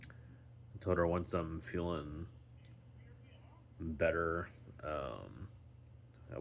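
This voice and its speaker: A man talking casually in a daily vlog, rambling slowly with many ums and restarts while recovering at home and sounding tired. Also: low voice, a bit bright, a little hiss or hum. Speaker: vlogger.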